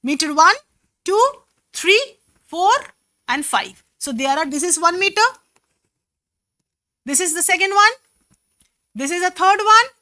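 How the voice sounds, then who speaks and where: A woman's voice: extremely high pitch, lively intonation, measured pace, pauses often, sharp tone, no room sound. A woman English teacher with a Bengali accent, patiently explaining a poem's meter in a classroom lesson, breaking words into syllables.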